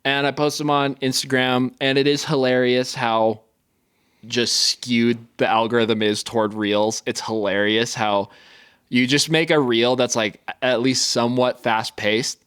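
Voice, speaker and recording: A man co-hosting a podcast in loose, joking casual chat, quick to laugh, talking over a video call. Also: mid-range voice, fairly even intonation, a bit bright, clear, resonant tone, dry recording, clean studio sound. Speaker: podcast co-host.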